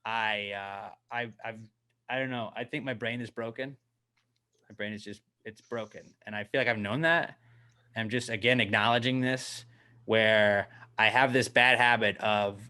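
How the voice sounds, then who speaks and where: A man co-hosting a casual comedy podcast, ranting in a profane, self-mocking way. He swings from mumbled asides to loud outbursts. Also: fairly low pitch, moderate pace, clear, resonant tone. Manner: animated, swinging from mumbling to yelling. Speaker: podcast co-host.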